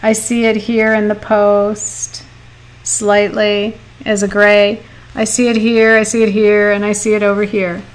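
A woman's voice: medium pitch, completely flat delivery, measured pace, rough recording. A middle-aged woman teaching watercolor painting on a live stream, chatty, laughing often and reading viewer comments aloud. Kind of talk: live painting lesson with chat.

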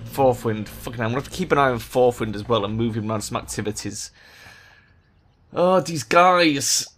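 A man giving game commentary as a gaming video maker, exasperated and swearing a lot, breaking into loud rants. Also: mid-range voice, normal speed, soft background music. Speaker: gaming YouTuber.

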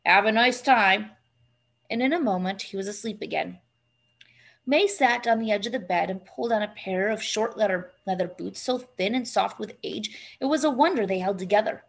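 A woman reading a children's novel aloud in a steady, measured way. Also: mid-range voice, gravelly. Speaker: reader.

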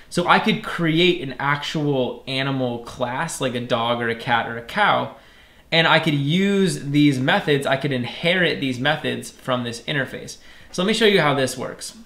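In a screen-recorded coding tutorial, a programming instructor walks through each step plainly and keeps checking in with "right?" His voice is a little high and fairly bright, with a reverberant sound.

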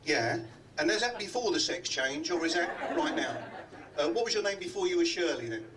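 An older comedy magician from London works the room, teasing guests with quick gags. His voice sits high for a man. He is picked up from a distance in a hotel function room. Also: animated, background noise. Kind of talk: live club comedy act.

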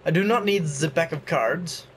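A man's voice: a little high, normal speed, slight background noise. Chatty young man doing game commentary. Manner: chatty, self-mocking, reading aloud. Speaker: gaming YouTuber. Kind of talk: casual let's-play commentary.

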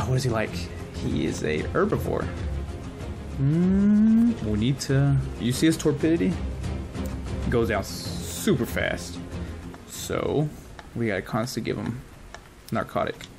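Gravelly, excitable male gamer. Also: mid-range voice, a little slow, pauses often, music in the background. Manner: excitable, chats to the creatures he tames. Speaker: gaming channel host. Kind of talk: casual let's-play commentary.

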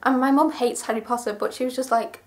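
A woman's voice: sits high, steady tone, fast talker, a little hiss or hum. A young woman chatting through a clothing haul vlog, gushing and rambling with enthusiasm. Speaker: vlogger.

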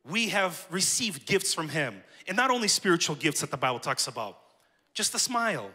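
A man's voice: a little high, sing-song, moderate pace, pushed and bright, breathy edge, big-room sound. A man preaching a sermon to his church, telling personal stories and speaking directly to the congregation. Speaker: pastor. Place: church sanctuary.

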